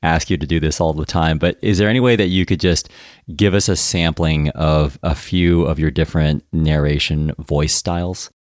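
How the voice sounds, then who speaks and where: A man's voice: a bass voice, fairly even intonation, moderate pace, dry recording, clean studio sound. An American man hosting an interview podcast, asking curious, encouraging questions. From United States. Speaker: podcast host.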